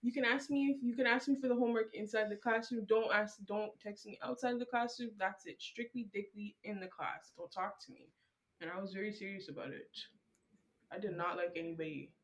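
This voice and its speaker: A young woman, ranting loudly and profanely in casual chat with friends about her school days. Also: mid-range voice, fairly even intonation, a little fast. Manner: loud, profane, emphatic ranting. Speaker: podcast co-host.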